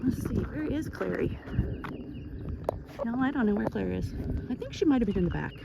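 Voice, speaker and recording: A Texan woman vlogging as she walks her ranch, chatty and a little out of breath, switching into a high sing-song baby voice when she talks to her animals. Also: expressive, normal speed, gravelly, muffled recording, very noisy. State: slightly out of breath. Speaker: ranch owner. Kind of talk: casual walking vlog. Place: outdoors on a rural ranch property. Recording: outdoor ambience with animal noises.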